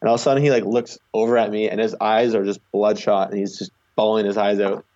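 Guesting on a casual storytelling interview, a young Canadian long-distance charity cyclist tells road stories fast and flatly, cramming "like" into every sentence. His voice sits a little low with a dark tone, and the recording sounds slightly muffled and dull.

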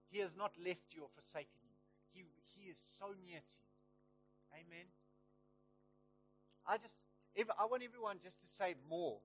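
A man preaching a sermon in church, telling a story and rising to loud, emphatic peaks. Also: high voice, poor audio.

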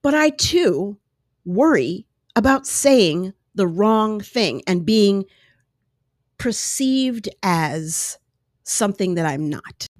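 A woman's voice: mid-range voice, expressive, takes it slowly, no echo, studio quality. A middle-aged woman hosting her own podcast, talking candidly into a microphone and acting out the voices she quotes. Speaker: podcast host. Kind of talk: solo podcast commentary.

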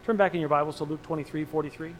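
Male pastor, high voice, sermon delivery, surges from hushed to loud emphasis. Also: fairly even intonation, racing, a little hiss or hum, poor audio. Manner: swings between hushed low lines and loud emphatic rises; preaching with emphatic repetition.

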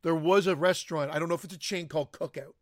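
Man podcast co-host, animated and swearing, high lively voice, dry sound. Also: fast talker, no echo. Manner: animated, swears, laughs easily. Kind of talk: casual chat.

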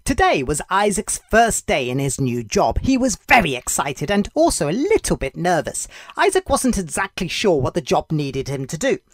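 A devotional podcast host telling a story for children in a gentle, clear way. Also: mid-range voice, sing-song, normal speed, hardly any pauses, no echo, studio quality.

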